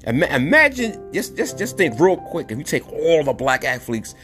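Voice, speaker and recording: Lively blunt New man. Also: a little high, normal speed, soft background music. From New York City. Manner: blunt, repeats words for emphasis. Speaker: podcast host. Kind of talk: opinionated monologue.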